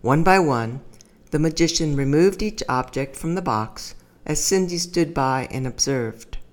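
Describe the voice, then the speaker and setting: A narrator reading a short teaching story in a calm, even storytelling manner. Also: mid-range voice, measured pace. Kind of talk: scripted narration.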